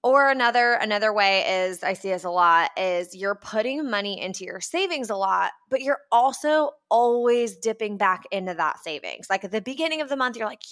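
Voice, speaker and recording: A woman's voice: mid-range voice, lively intonation, a little fast, hardly any pauses, a bit bright. A young woman hosting a podcast, talking casually and upbeat, acting out little quoted voices as she goes. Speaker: podcast host.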